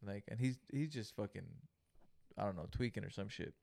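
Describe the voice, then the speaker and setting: A man's voice: lowish voice, brisk, vocal fry, dark tone, no room sound. A young man, co-hosting a podcast and telling a story in a casual, profane way, acting out the people in it. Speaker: podcast co-host.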